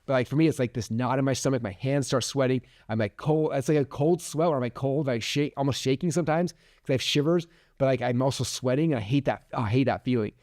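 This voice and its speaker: A man's voice: medium pitch, fast, darkish tone, no echo, clean studio sound. A man in his forties hosting a podcast, giving a rambling motivational talk full of likes and restarts. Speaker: podcast host.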